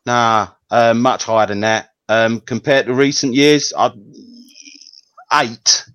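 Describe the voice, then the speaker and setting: A man co-hosting a fan podcast, brisk and matter-of-fact. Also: medium pitch, fairly bright tone, smooth, no echo, dull audio. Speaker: podcast co-host. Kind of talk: casual podcast chat.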